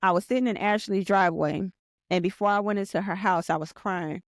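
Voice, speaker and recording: A woman in her forties tells her own story as a podcast guest, earnest and animated, circling back with repeated phrases and restarts. Her voice sits at a middling pitch and comes across close and dry, with no room around it. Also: brisk, dry recording. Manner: earnest and animated, reliving events aloud; often repeats herself and restarts sentences. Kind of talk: personal storytelling in conversation.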